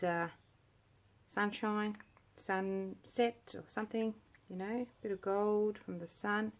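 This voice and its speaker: A woman's voice: medium pitch, darkish tone. A woman giving a chatty, murmured running commentary while she works on resin art at home, often trailing off mid-thought. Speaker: resin artist. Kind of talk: casual narration while working. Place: indoor home art studio with a window.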